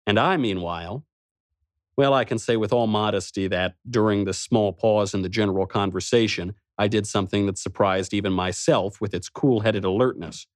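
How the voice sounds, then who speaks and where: A man's voice: lowish voice, normal speed, no echo, studio quality. A man narrating a first-person story in a wry, snarky manner. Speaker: audiobook narrator.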